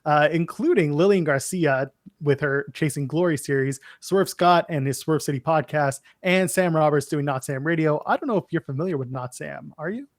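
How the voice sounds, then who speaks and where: A man's voice: on the high side, normal speed, no room sound, studio quality. A man co-hosting a casual wrestling podcast, opinionated and snarky as he runs through lists. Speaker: podcast co-host.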